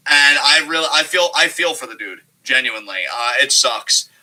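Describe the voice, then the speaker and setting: A man co-hosting a wrestling review show, chatting casually, excitable and profane, often breaking into laughter. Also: mid-range voice, normal speed, rough recording. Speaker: podcast co-host.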